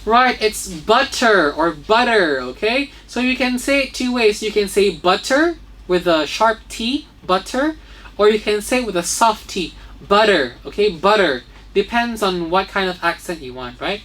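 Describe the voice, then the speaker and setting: A woman's voice: medium pitch, lively intonation, normal speed, fairly bright tone. Patient woman teacher spelling words aloud. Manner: spells words letter by letter, frequent "okay?" and "right?" checks. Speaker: English teacher. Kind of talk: children's vocabulary lesson.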